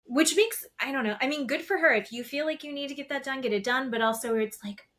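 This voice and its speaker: A woman's voice: high-pitched, quick pace, a bit bright. A woman co-hosting a podcast, chatting casually and retelling reality TV scenes with lots of quoted asides. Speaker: podcast co-host. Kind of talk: casual chat. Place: office.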